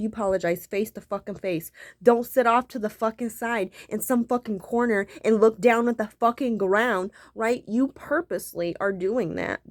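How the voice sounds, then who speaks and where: A woman's voice: fairly high pitch, dry recording, clean studio sound. A woman telling a story to her viewers as an angry rant, swearing constantly and repeating herself. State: irritated. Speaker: vlogger.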